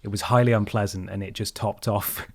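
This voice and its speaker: A man hosting a podcast who tells a story in an animated way and swears a lot. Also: fairly low pitch, fairly quick, dry recording. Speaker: podcast host. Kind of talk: casual chat, storytelling.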